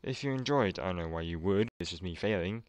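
A young man commenting on his gameplay, swearing often and complaining loudly when he loses. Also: low-pitched, lively intonation, fast, no room sound. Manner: swears a lot, exasperated outbursts. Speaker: gaming channel host.

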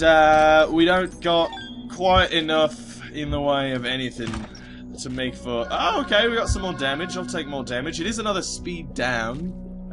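A man giving casual gameplay commentary, rambling and self-mocking, cursing at the game and slipping into a put-on British accent at times. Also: on the high side. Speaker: let's play commentator.

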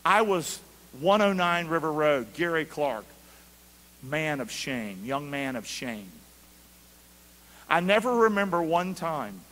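A man preaching a sermon as pastor, calling for answers from the congregation and swinging from quiet asides to loud shouts. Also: on the high side, sing-song, takes it slowly, pauses often. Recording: long hall reverb.

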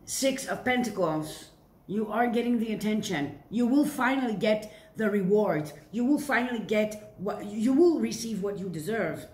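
A woman's voice: mid-range voice, animated, normal speed, darkish tone. A woman giving a casual tarot reading to camera, playful and chatty, often asking rhetorical questions and answering them herself. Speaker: tarot reader. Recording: echoey room with faint hiss.

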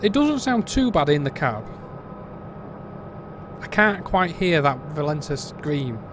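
A man's voice: a little high, very animated, slow pace, noisy background. Blunt British man reviewing a game. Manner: blunt, exasperated, rambling with restarts. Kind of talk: casual review commentary.

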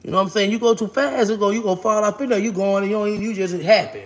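A woman talking straight to her viewers in a casual vlog, blunt and brash, with profanity thrown in constantly. Her delivery is animated and expressive. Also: mid-range voice, fast talker, hardly any pauses, a little hiss or hum. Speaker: vlogger. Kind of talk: casual monologue to camera.

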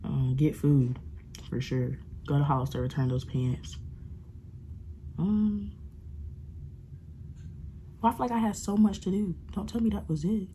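Young woman vlogger, low voice, rambling casual chat into a handheld phone, noticeable background noise. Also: fairly even intonation, a little slow, long pauses, mellow. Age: 20s. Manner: chatty, rambling, uses dialect slang. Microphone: phone camera held close.

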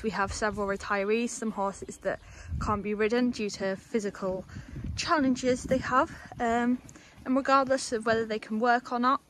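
A woman's voice: fairly high pitch, a bit bright, a little hiss or hum. A young woman, casually chatting as she gives a walking tour of a horse yard. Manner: chatty, rambling, coos at the animals. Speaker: stable staff member giving a tour.

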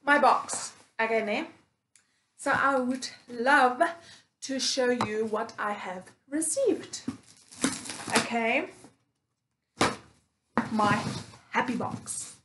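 A woman records a casual unboxing vlog at an unhurried, drawn-out pace, her voice pitched a little high. She sounds excited and keeps repeating her phrases, and there is clear noise behind her. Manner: excited, repeats phrases, non-native grammar. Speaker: vlogger.

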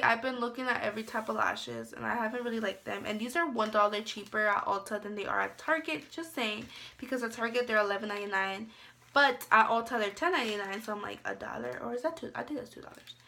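Bright, gravelly-voiced young woman vlogger. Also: medium pitch. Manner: chatty, rambling, lots of "like" fillers. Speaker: beauty vlogger. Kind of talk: casual haul chat.

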